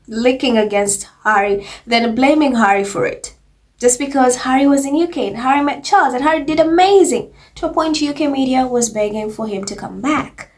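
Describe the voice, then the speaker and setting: A woman giving casual, chatty commentary on royal gossip, laughing often as she talks. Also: fairly high pitch. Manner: chatty, laughs often, mocking quoted voices.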